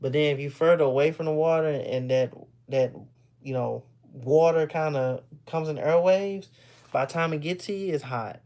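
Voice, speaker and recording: A man's voice: fairly high pitch, moderate pace, a little mellow. A man from Texas, chatting casually with viewers on a live stream, rambling and repeating words as he talks. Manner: loose and rambling, repeats words, laughs often.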